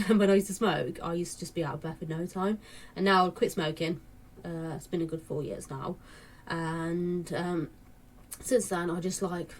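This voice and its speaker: A woman's voice: fairly low pitch, slight background noise. A woman in her late twenties chatting casually to camera, rambling with lots of fillers and restarts. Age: late 20s. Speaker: vlogger.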